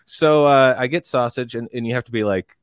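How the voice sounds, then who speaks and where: A man telling a long story in casual chat, rambling and animated, and bursting into loud quoted lines. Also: medium pitch, fairly quick, clean tone, dry recording, studio quality. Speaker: podcast guest telling a story.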